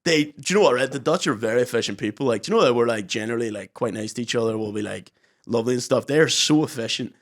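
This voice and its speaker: A man's voice: medium pitch, racing. A young man co-hosting a podcast, telling rambling, sweary stories and acting out what others said. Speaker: podcast co-host. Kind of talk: casual chat.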